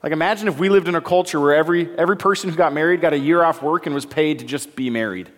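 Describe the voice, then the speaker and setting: A man's voice: fairly high pitch, very fast. A man preaching a sermon as a pastor, conversational and joking, acting out the dialogue while reading scripture. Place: church hall. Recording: long hall reverb.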